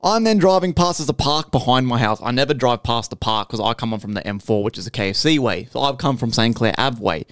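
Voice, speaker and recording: A young man telling a story on a podcast, animated and full of swearing, checking in with "right?" as he goes. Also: medium pitch, fast talker, few pauses, no room sound, clean studio sound. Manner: animated, swears constantly, keeps adding "right?". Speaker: podcast host. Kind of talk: casual storytelling chat.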